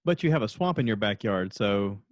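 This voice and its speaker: A man's voice: on the low side, expressive, fairly quick, dry recording, studio quality. A man hosting a podcast, chatting casually and acting out other people's lines as he tells stories. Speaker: podcast host. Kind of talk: casual chat.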